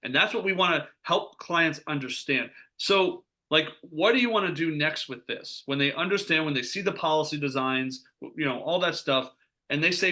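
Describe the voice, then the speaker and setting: Guy financial advisor, fired up, high bright voice, keeps asking rhetorical questions. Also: moderate pace. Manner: fired up, rhetorical questions, acts out client quotes. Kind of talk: energetic sales pitch talk.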